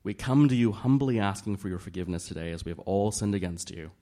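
A man doing a calm devout rich woman. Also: on the low side, fast talker, close to an everyday voice. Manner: calm, prayerful.

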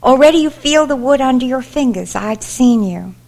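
A woman voicing a gentle old grandfather who works with wood, speaking quietly, slowly and tenderly. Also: high-pitched, lively intonation, gravelly, pitched above the performer's own voice.

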